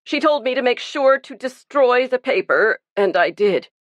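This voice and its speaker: A woman's voice: fairly high pitch, animated, normal speed, no room sound, pitched above the performer's own voice, natural voice. A woman reading the part of a guilt-ridden, burly male pastor who confesses earnestly and pleads for himself. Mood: pleading.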